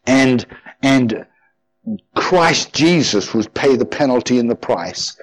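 A man's voice: mid-range voice, animated, takes it slowly, rough recording. Fervent preaching man, repeating for emphasis. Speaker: pastor. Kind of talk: sermon.

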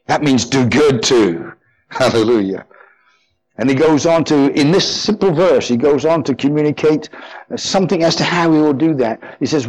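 A man's voice: fairly high pitch, normal speed, a little mellow, low-quality recording. Fervent preaching man, repeating for emphasis. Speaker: pastor. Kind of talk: sermon.

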